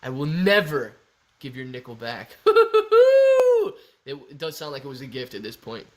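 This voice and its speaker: A man's voice: medium pitch, brisk, a bit bright. A young man hosting a casual livestream, joking around and reading viewer comments aloud. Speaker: livestream host.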